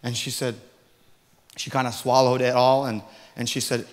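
A man preaching a testimony sermon, telling his story in an animated way and acting out the dialogue, swinging from hushed to loud. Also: mid-range voice, normal speed, pauses often. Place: large church hall. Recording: long hall reverb.

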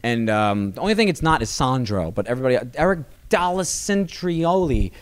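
A man, a stand-up comedian, chatting as a podcast guest in a rambling, animated way with many restarts. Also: medium pitch, fast talker, clear, resonant tone, no room sound. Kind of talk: casual interview chat. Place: comedy club.

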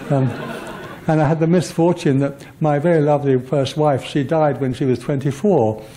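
An older man gives a public lecture, drifting from one personal anecdote to the next. His voice sits slightly high but sounds mellow and relaxed. He talks in a loose, self-deprecating way, full of fillers and false starts. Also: normal speed, poor audio. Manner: rambling, self-deprecating storytelling with many fillers and restarts. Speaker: guest lecturer.

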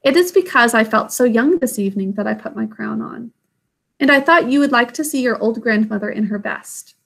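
A woman reading aloud, voicing a calm, ancient and wise great-grandmother who reassures a child. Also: fairly high pitch, fairly quick, gravelly, exaggerated voice. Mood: tender. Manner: tender, reassuring.

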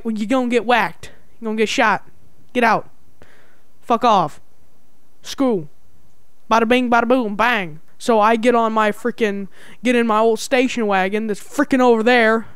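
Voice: mid-range voice, smooth, no room sound, natural voice. Brief: a streetwise cat with rambling mobster bluster, voiced by a YouTuber. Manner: fast, rambling, mobster-style tough talk. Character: brash street-talking male cat.

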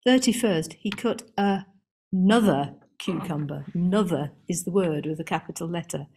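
Chatty woman lecturing, lower voice. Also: normal speed, a little mellow, slight background noise. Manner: chatty, amused, lists items with many ums and restarts. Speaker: garden historian giving a seminar talk. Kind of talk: lecture talk to a live and online audience. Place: seminar room.

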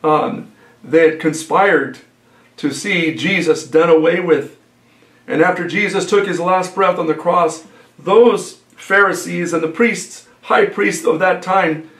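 A male pastor giving an earnest, unhurried sermon, often pausing with fillers and repeating phrases. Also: sits high, a bit bright, reverberant.

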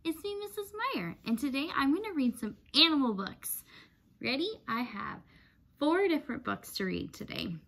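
A teacher reading picture books aloud to children, animated and sing-song, chanting the sound words with them. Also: female voice, sits high, normal speed, vocal fry.

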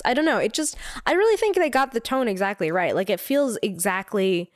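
A woman's voice: mid-range voice, big pitch swings, brisk, hardly any pauses, slight background noise. Chatty young woman co-hosting a podcast. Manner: chatty, filler-heavy, agreeable. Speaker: podcast co-host. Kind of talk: casual chat.

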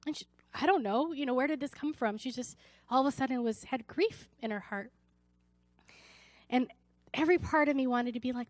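Earnest woman pastor, fairly high voice. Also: normal speed, long pauses, no echo. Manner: earnest, personal storytelling with many restarts. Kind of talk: sermon. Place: church service.

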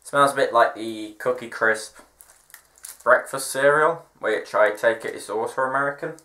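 A chatty young male vlogger with a bright, sharp voice. He talks in an upbeat, self-mocking way in an echoey room at home. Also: medium pitch, moderate pace. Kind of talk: casual vlog chat.

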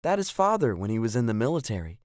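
A man's voice: mid-range voice, sing-song, quick pace, a little mellow, no echo, clean studio sound, close to an everyday voice. A man voicing a kind, firm mother sending her child to bed in a storybook reading. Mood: cheerful.

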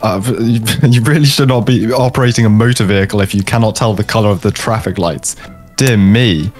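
A man's voice: lowish voice, brisk, a little mellow, soft background music. A man playing a polite, exasperated driving examiner in a joking game session. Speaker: game guest. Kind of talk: comedic role-play as driving examiner.

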